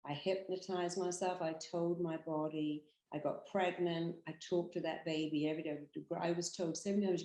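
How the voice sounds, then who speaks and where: British woman speaking with emphatic, animated energy. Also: fairly low pitch, normal speed, hardly any pauses, roomy sound, poor audio. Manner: emphatic, animated storytelling with acted quotes. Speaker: therapist and hypnotherapist. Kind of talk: motivational talk to camera.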